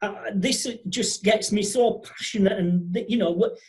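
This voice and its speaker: A podcast host speaks at a mid pitch. The host chats casually and enthusiastically, talking in quick, animated bursts with frequent restarts. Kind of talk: casual interview chat.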